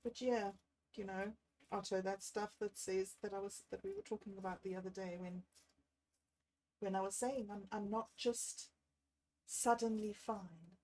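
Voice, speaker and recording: A woman, talking on a livestream about a bad day. She thinks aloud in a candid, self-deprecating way and sounds low and unwell. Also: steady tone, unhurried, darkish tone, poor audio. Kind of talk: rambling personal livestream.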